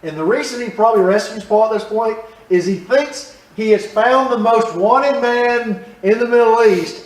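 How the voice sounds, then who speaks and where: A man teaching a church Bible study class, talking conversationally and quizzing his listeners as he explains the passage. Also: high-pitched. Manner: conversational, asks the class questions. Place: church room. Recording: roomy, from a distance.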